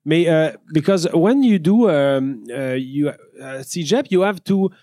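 A man with a high, light voice chats in English. He halts often, restarts his sentences and fills gaps with uh. The sound is close and dry. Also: expressive, warm tone, dry recording. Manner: halting, many uhs and restarts, laughs easily. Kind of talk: casual chat.

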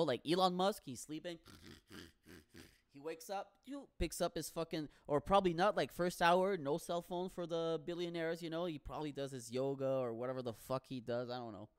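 A man in a profane comic rant, animated and swearing, with bursts of shouting. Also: fairly high pitch, no echo, studio quality.

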